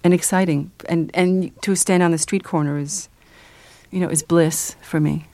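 A woman's voice: on the low side, steady tone, normal speed, dark tone, dry recording. A woman guest in a radio interview, talking about her work with many fillers, restarts and easy laughter. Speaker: guest, children's book author and illustrator.

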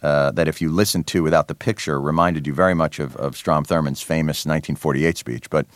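A man from New Jersey, a guest in a radio interview, talking with a wry, sardonic edge and lots of quick restarts. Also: very deep voice, steady tone, no room sound, studio quality. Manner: many restarts and fillers. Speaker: interview guest, comedy show host.

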